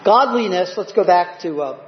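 A man's voice: high voice, lively intonation, moderate pace, a little hiss or hum. A male pastor preaching a sermon, often asking the congregation "Amen?". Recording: roomy, dull church recording.

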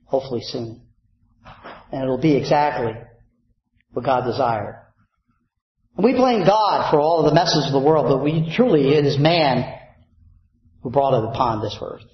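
A man's voice: mid-range voice, lively intonation, moderate pace, long pauses. A man preaching a sermon as pastor, who puts fill-in questions to his congregation. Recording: very echoey, dull lo-fi sound.

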